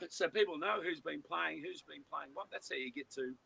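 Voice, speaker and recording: Gravelly Australian man in his fifties. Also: on the high side, wildly swooping pitch, measured pace, bright, forceful tone, slight background noise, low-quality recording. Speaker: podcast co-host. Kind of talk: casual chat.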